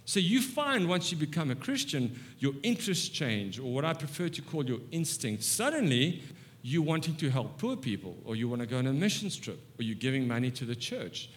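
A man in his fifties preaching a humorous sermon with stories, animated and self-mocking, moving between soft asides and excited bursts. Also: mid-range voice, brisk. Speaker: guest preacher. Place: church sanctuary.

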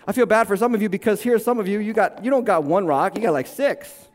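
A man delivers a sermon in a high voice. He preaches with drama, climbing to shouts and dropping to near hushes, and briefly acts out other people's voices. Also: quick pace. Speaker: pastor.

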